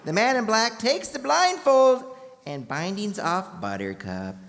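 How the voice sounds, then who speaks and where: A woman's voice: medium pitch, sing-song, a little slow, vocal fry, a little hiss or hum. A woman narrating a live stage reading, reading out the stage directions plainly. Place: convention stage. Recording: reverberant hall with audience.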